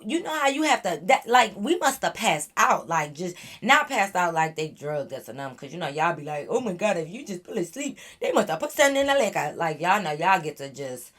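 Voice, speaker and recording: A young woman vlogger telling a wild storytime to her viewers in an animated, slangy way. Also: fairly low pitch, brisk, few pauses. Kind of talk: storytime chat to camera.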